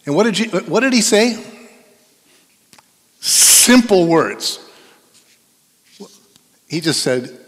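A middle-aged male pastor preaching in a church, his slightly high voice rising and falling with lively, animated swings. He talks in a loose, conversational way and coaxes his listeners to take part. The sound carries a long reverb from the sanctuary. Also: slow pace, pauses often. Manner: conversational, playful, coaxing the congregation. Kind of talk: sermon.

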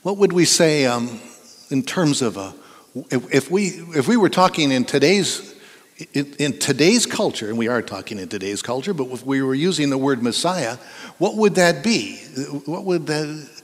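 With a medium-pitched, animated voice at a moderate pace, a middle-aged pastor delivers a sermon in a church sanctuary. He's conversational and playful, drawing the congregation into joining in, and long hall reverb surrounds the recording.

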